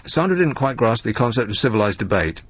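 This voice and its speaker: A man's voice: mid-range voice, big pitch swings, fast talker. A man hosting a radio talk show, with a dry, sardonic way of reading out tabloid stories. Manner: dry, sardonic, reads tabloid quotes aloud. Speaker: radio host. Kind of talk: late-night radio talk with callers. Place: radio studio.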